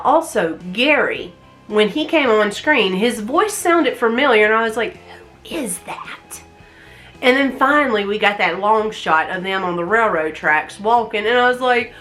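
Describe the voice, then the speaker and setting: Woman, light Southern accent, animated and chatty reviewer; bright tone, faint music underneath. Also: medium pitch. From American South. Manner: chatty, animated, laughs often between remarks. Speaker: movie reviewer. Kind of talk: casual spoken movie review.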